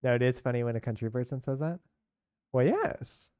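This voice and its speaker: A man's voice: medium pitch, steady tone, racing, warm tone, clear, resonant tone, no room sound, studio quality. A young man from San Francisco chatting casually with his chat while streaming a game, rambling and laughing along.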